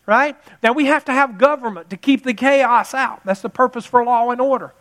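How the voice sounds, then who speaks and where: High-voiced man preaching conversationally. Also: normal speed, hardly any pauses, fairly bright tone. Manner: conversational preaching, repeats phrases, rises to passionate emphasis. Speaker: pastor. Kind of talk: sermon with personal story.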